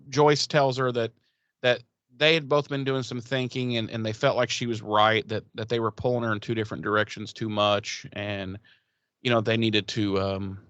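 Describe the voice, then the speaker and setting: A man's voice: medium pitch, fairly bright tone, smooth, no room sound, lo-fi sound. A man casually recapping a TV episode on a podcast, rambling, swearing and acting out the characters' lines. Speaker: podcast co-host.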